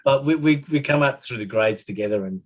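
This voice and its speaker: A man's voice: mid-range voice, fairly quick. An Australian man in his fifties, a former footballer on a podcast, telling rambling, chuckling stories with many restarts. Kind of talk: casual storytelling.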